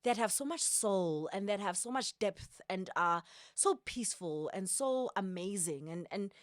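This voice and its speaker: A South African woman chatting casually as a guest, animated and emphatic, repeating her phrases for effect. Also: medium pitch, unhurried, dry recording, studio quality. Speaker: guest, TV presenter. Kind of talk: casual chat.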